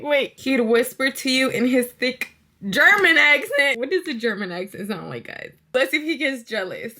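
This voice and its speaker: A woman's voice: a little high, animated, moderate pace, sharp tone, slight background noise. A young woman hosting her channel, chatting playfully and laughing often as she reacts. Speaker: YouTuber. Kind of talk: casual vlog chat.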